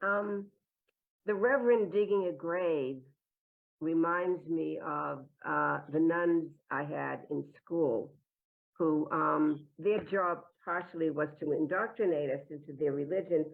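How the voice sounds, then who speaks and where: A woman's voice: deep voice, a little slow, vocal fry. A woman telling a meandering, self-deprecating personal story to a live audience. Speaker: improv performer telling a story. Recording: tinny, phone-like sound.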